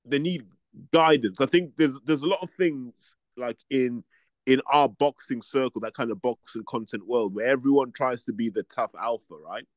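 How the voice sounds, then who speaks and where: A man in casual chat, calm and reasoning, calling people mate. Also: mid-range voice, moderate pace, dry recording.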